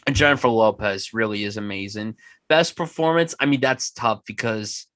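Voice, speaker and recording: A man's voice: on the low side, moderate pace, fairly bright tone, no echo. A man hosting a casual film podcast, talking with enthusiasm and plenty of swearing. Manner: enthusiastic, profane, puts on mock voices. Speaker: podcast host.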